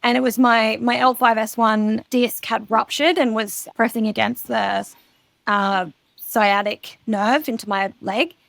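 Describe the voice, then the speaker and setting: High, gravelly woman telling her story. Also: level tone, a little slow, fairly bright tone, no room sound. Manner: frank, casual, swears freely. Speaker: guest. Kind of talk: candid personal storytelling.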